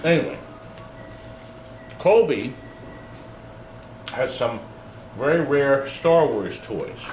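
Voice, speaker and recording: A man's voice: medium pitch, lively intonation, slow, long pauses, a little mellow, reverberant, a little hiss or hum. A man hosting a casual, joking video from his arcade game shop, teasing his guests and staff with playful outbursts. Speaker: host of a pinball shop channel. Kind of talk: casual joking chat on camera.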